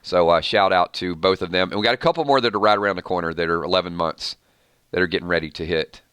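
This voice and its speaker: A man's voice: deep voice, fast talker, a bit bright, smooth, no room sound. A man hosting a casual live stream with his morning voice, rambling through viewer comments with fillers and restarts. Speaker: YouTube channel host.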